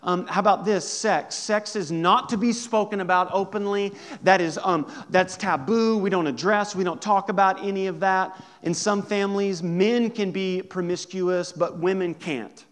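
Man, pastor, sermon, conversational with lively asides, slightly high-pitched voice. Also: normal speed, few pauses. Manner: conversational preaching, animated asides.

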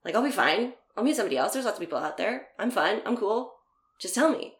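Young woman, middle pitch, chatty storyteller who laughs often; echoey room. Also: lively intonation, quick pace. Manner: chatty, laughs often, acts out quoted dialogue. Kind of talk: casual storytelling chat. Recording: roomy echo.

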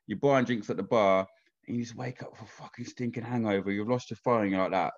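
The audio is lo-fi, carrying a man's fairly low voice at a quick pace. He's having a chatty, casual conversation, swearing freely and asking over and over, "do you know what I mean."

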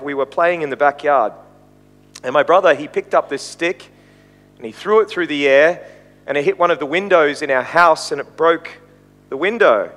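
A man's voice: high-pitched, fairly bright tone, big-room sound. A man preaching a sermon, retelling the story and quoting it with rising emphasis.

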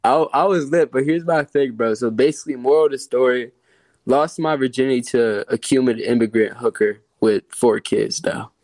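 A man's voice: mid-range voice, normal speed, a little mellow, no room sound. A young man telling a story in casual chat, slangy and laughing often. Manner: slangy, laughing, says bro a lot. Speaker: guest storyteller.

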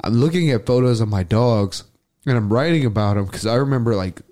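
A young man co-hosting a casual podcast chat, telling a personal story in a casual, profane way. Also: brisk. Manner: animated, profane, mimics others in a high voice when quoting. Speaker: podcast co-host.

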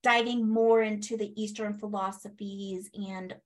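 A woman telling a personal story in a casual interview, animated, acting out what people said and laughing as she goes. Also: medium pitch, unhurried. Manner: animated, acts out quoted speech, laughs, swears. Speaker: guest.

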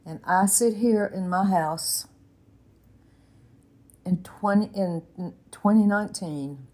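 A woman's voice: fairly low pitch, dark tone, slightly rough. A woman in her eighties teaching a Bible lesson in an earnest, folksy way, with exclamations and stern warnings. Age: 80s.

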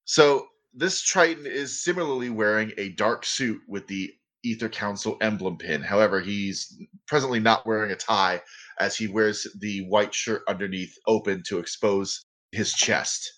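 Bright-voiced man running a tabletop game. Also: fairly low pitch, normal speed. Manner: laughs often, acts out characters. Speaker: game master.

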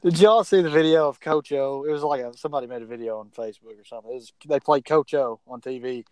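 A man chats about football picks in a rambling, easygoing way. His voice is mid-pitched. The mic is close and dry. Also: fast, a little mellow, clear, resonant tone, dry recording, poor audio. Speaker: podcast co-host. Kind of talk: casual sports picks chat.

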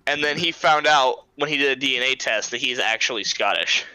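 A man's voice: medium pitch, fairly quick, pushed and bright, clear, resonant tone, dry recording, poor audio. A young man hosting a podcast, chatting casually, laid-back, swearing and laughing often. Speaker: podcast host. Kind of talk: casual chat.

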